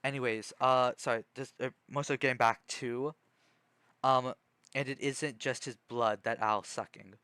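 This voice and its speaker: Man, casual streamer reading aloud; unhurried, keeps restarting sentences, crisp dry mic. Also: medium pitch, fairly even intonation, pushed and bright, no echo. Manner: rambling, self-correcting, many "you know"s. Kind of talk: casual chat while reading a book aloud.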